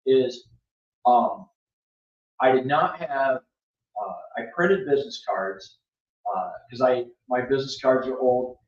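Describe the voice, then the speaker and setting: A man's voice: medium pitch, slow pace, pauses often, recorded from a distance, slight background noise. A man hosting a podcast, telling his story in a blunt, emphatic way with lots of restarts. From Florida. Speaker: podcast host. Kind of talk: casual storytelling chat. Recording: echoey room, off-mic, dull sound.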